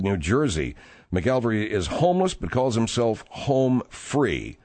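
A man's voice: mid-range voice, a little mellow, no echo. A man hosting a talk radio show, reading news with wry, offhand remarks.

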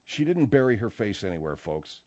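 A man's voice: on the low side, very animated, normal speed, darkish tone, highs cut off. A man in argumentative comedy banter, interrupting often and calling people "man" and "dude".

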